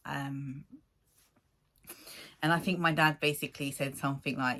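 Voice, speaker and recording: Woman in her 40s, low voice, rambly chatty storytelling, laughs a lot. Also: measured pace, pauses often. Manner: rambling, animated, laughs often, acts out quotes. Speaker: vlogger. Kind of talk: casual storytelling to camera.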